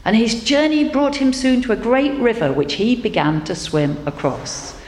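A woman telling a folk tale to a group in a large hall, gentle with wry asides. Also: mid-range voice. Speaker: storyteller. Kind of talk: storytelling to an audience. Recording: echoey hall, faint noise.

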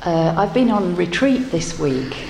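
A woman minister giving a gentle, reflective sermon and leading prayer. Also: on the low side, big pitch swings, a little slow, a little hiss or hum. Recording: roomy hall with faint ambience.

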